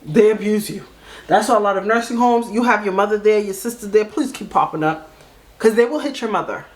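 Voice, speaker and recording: A woman's voice: mid-range voice, fairly quick. Woman, casual storytelling, emphatic, conversational, reaction host.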